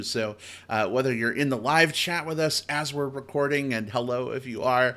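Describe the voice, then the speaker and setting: Male podcast host, bright and upbeat, casual chat with fillers. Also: mid-range voice.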